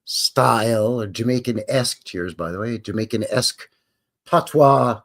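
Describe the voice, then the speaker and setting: Speaking at a normal pace in a slightly bright voice on the low side, a Canadian livestream host jokes around and rambles casually. He finishes lines with "eh, buddy."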